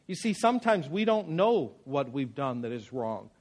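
A man's voice: mid-range voice, very animated, moderate pace. A man preaching a sermon in an earnest, conversational way, with personal stories. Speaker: pastor.

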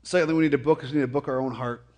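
Male pastor, casual sermon, stammers and repeats words, joking asides, mid-pitched voice. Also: very fast. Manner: frequent stammered repetitions; jokey, animated asides. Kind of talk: conversational sermon.

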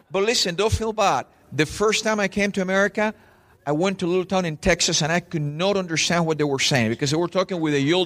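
A man, a pastor preaching a sermon in church and telling stories straight to the congregation. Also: high voice. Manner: animated storytelling preacher, addresses crowd directly.

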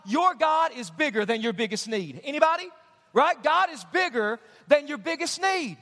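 A man preaching a sermon as pastor, energetic and calling on the congregation to answer him. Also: extremely high pitch, moderate pace. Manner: energetic preaching, calls for audience response. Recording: long hall reverb.

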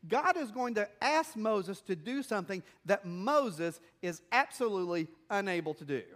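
High-voiced preacher telling stories. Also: male voice, expressive, normal speed, a bit bright. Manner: conversational storytelling with rhetorical questions. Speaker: missionary pastor. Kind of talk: sermon.

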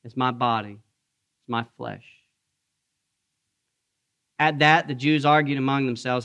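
A man's voice: medium pitch, fairly even intonation, measured pace, pauses often, fairly bright tone. A man preaching a conversational sermon as pastor, asking the congregation questions and joking with them. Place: church sanctuary.

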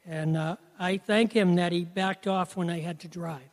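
A man's voice: high voice, fairly even intonation, normal speed, long reverb tail. A man giving an earnest personal testimony about faith, telling it as a story and often saying "you know". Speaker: Christian speaker sharing testimony.

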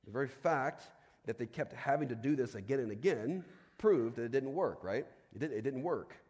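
A man preaching a sermon in a conversational way, often asking "right?", and dropping to a quiet, slow voice for solemn points. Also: medium pitch, lively intonation. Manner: conversational preaching with frequent tag questions. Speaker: pastor. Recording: long hall reverb.

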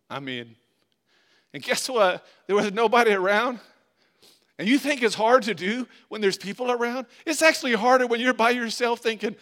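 A man preaching a sermon as a pastor, in a conversational, animated way with frequent restarts. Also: sits high.

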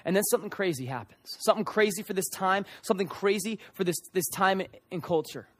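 High-voiced, impassioned young male preacher. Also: expressive, brisk. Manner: impassioned, acts out voices of people in the story. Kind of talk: sermon.

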